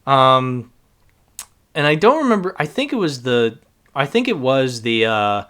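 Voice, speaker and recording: Lively guy from boston rambling about cartoons, voice jumps all over, laughs a lot. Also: medium pitch, a little slow. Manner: animated, laughs often, quotes lines in put-on voices. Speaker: podcast host. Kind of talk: casual chat. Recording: lawn mower hum in background.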